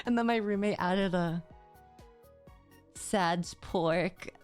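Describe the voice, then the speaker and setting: A woman's voice: lowish voice, extremely slow, faint music behind. A young woman streamer chatting casually and rambling as she recaps a trip, full of "like" and slang. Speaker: VTuber streamer.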